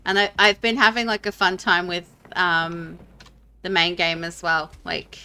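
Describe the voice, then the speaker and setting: A woman's voice: lowish voice, little pitch movement, measured pace, pushed and bright, slight background noise. A woman streaming a game, chatting casually and rambling with many fillers and restarts. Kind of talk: casual gameplay chat.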